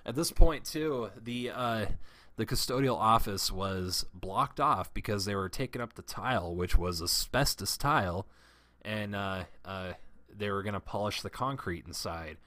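A man's voice: on the low side, animated, moderate pace, bright, forceful tone, no room sound. A man telling a long personal story in a casual, profane, rambling way, often restarting his sentences.

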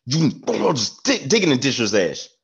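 A man telling an animated, profane army story with frequent laughs in casual podcast chat. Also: medium pitch, normal speed. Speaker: podcast co-host, former staff sergeant. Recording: dull lo-fi sound.

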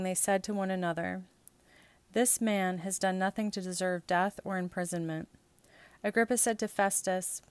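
A woman's voice: medium pitch, dry recording. Woman reading scripture in a dry, close sound. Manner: measured, steady reading aloud. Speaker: scripture reader.

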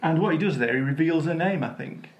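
A man's voice: fairly high pitch, fast talker, echoey room. A man, co-hosting a podcast in casual chat, dry and teasing with short interjections. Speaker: podcast co-host.

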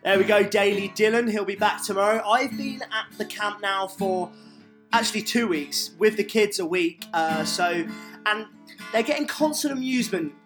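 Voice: medium pitch, normal speed, over music. A podcast host with a British accent, chatting casually and poking fun at himself. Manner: chatty, self-mocking. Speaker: podcast host at a summer camp.

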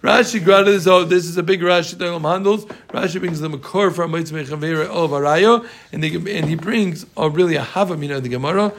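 A high-pitched man with a gravelly edge to his voice teaches a Talmud class. He talks in an animated, emphatic way, repeating key points over and over and ribbing his students. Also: fast talker.

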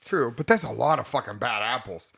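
A man's voice: mid-range voice, fairly quick, creaky, fairly bright tone, husky. A man hosting a casual podcast chat, crude and rambling, who laughs often. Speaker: podcast host.

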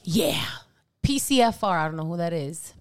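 A woman's voice: lowish voice, normal speed, clean tone. A woman co-hosting a casual chat show, reading out odd news stories and laughing as she reads. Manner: animated, laughs while reading. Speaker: podcast co-host.

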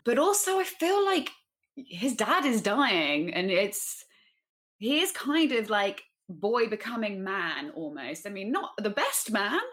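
A woman's voice: medium pitch, sing-song, takes it slowly, a bit bright. A woman co-hosting a casual discussion, informal and chatty, with plenty of "like" fillers. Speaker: podcast co-host.

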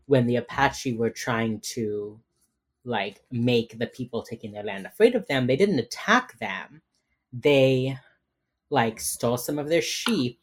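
A man co-hosting a podcast, rambling through a casual recap of a TV episode with many fillers. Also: medium pitch. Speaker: podcast co-host.

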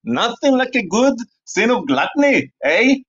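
A man's voice: very high-pitched, very animated, measured pace, fairly bright tone, husky, dull audio. A man hosting a podcast, giving a playful, rambling comic monologue in the style of a sermon. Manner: rambling and playful, slips into joke accents. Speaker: podcast host.

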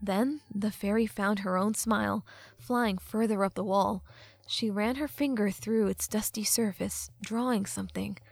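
A woman narrating a fantasy audiobook in a measured, expressive storytelling manner. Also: mid-range voice, vocal fry, no room sound. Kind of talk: scripted narration. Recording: dry close mic with faint music.

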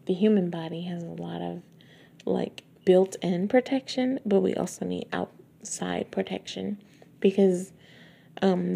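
A woman's voice: fairly low pitch, creaky, dark tone, slightly rough. A woman reading a novel aloud and breaking off for chatty asides full of fillers and likes. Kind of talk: book reading with casual commentary.

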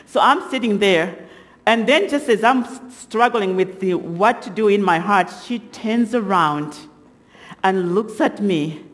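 A middle-aged woman giving a sermon testimony as guest speaker, telling stories with halting restarts and lively acted quotes. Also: medium pitch. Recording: long hall reverb.

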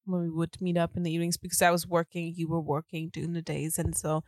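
Woman co-host, lowish voice, dry close mic, animated storyteller who laughs easily. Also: quick pace, no room sound. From Germany. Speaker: podcast co-host. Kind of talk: casual storytelling chat.

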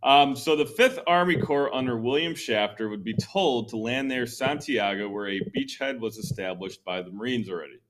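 A man hosting a history podcast, explaining events in a relaxed, conversational way with many ums and likes. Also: mid-range voice, moderate pace, few pauses. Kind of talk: casual history talk.

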